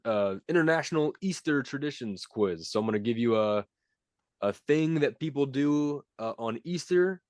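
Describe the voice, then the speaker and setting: A man's voice: mid-range voice, no echo, clean studio sound. A young man co-hosting a podcast, casually and playfully reading out trivia quiz questions and teasing his co-host.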